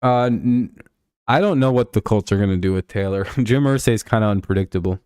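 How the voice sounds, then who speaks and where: Talking football on a live stream, a man rambles and curses, leaning on fillers and restarting often. His lowish voice is darkish and smooth, a little fast, with clean studio sound and no echo.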